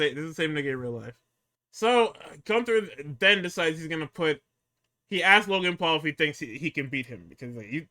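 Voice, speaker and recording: Co-host, male, high and very bright voice, animated and profane storyteller. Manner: animated, profane storytelling, acting out quotes, frequent laughter. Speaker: podcast co-host recapping wrestling. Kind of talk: casual chat.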